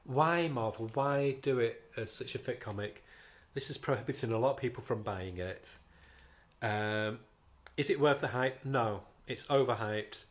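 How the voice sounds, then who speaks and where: A man's voice: medium pitch, normal speed. A man with a British accent chatting casually about comics in a review vlog, rambling with frequent ums and restarts.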